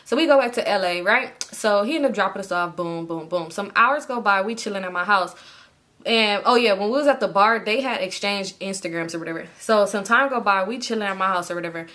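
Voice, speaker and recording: Casting note: young woman, casual storytime, lively delivery with sudden high quoted lines. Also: a little fast. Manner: animated, swearing, acts out quotes in high bursts.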